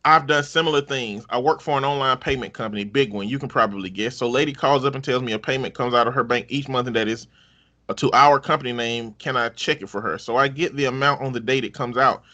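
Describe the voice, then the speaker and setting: Bright-voiced man reading stories aloud. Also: medium pitch, quick pace, muffled recording. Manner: wry, laughing, profane. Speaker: podcast host reading online stories. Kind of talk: casual story reading.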